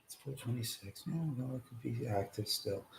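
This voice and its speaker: A man streaming from home has a mid-range voice with vocal fry, speaking at a moderate pace over slight background noise in an echoey room. Jittery from caffeine, he rambles through casual chat, swearing giddily.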